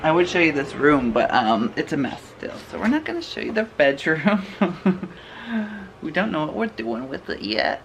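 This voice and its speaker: A man's voice: a little high, wildly swooping pitch, moderate pace, gravelly, a bit bright, slight background noise. A young man chatting playfully while shopping in a home goods store, laughing often as he films. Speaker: vlogger. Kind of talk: casual vlog chat while shopping.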